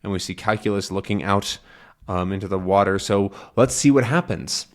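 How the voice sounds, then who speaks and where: A young man teaching English, explaining a comic slowly and clearly for learners. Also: on the low side. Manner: slow, clear and animated.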